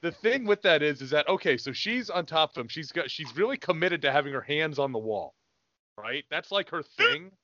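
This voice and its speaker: Man, high animated voice, bright tone, casual podcast chat, dull lo-fi sound. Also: moderate pace. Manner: animated storyteller, laughs often. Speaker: podcast co-host. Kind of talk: casual film review chat.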